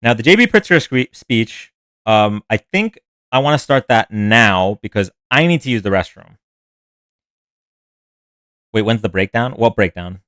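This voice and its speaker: A man's voice: on the low side, animated, a little slow, long pauses, fairly bright tone, clear, resonant tone, dry recording. A man hosting a live stream in a casual, rambling way, chatting with viewers and reacting to their comments. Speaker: livestream host. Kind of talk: casual livestream chat.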